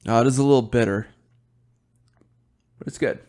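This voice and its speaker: A young man hosts his own podcast alone, rambling loosely over a beer. He swears freely and yawns as he talks. His voice sits at an ordinary middle pitch. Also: normal speed, darkish tone. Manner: rambling, swears often, yawning. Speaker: podcast host. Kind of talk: casual solo chat while drinking beer.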